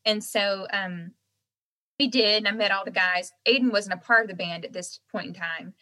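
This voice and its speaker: A young woman with a softened Southern American accent, chatting casually as a guest and laughing often. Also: mid-range voice, steady tone, moderate pace, low-quality recording. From Southern United States. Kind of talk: casual chat.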